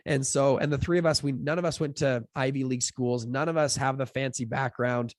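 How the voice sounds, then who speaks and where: A man's voice: mid-range voice, brisk, no echo, studio quality. Chatty young man telling a story. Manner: chatty, filler-heavy, acts out quotes with lively voices. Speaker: podcast guest, fund founder. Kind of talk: casual storytelling in an interview.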